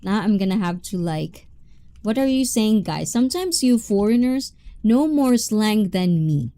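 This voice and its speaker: A young woman chats with her viewers on a livestream, reading their comments aloud and laughing often. Her voice is mellow and her pace is slow and easy. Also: mid-range voice, animated. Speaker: livestream host reading chat. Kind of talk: casual livestream chat.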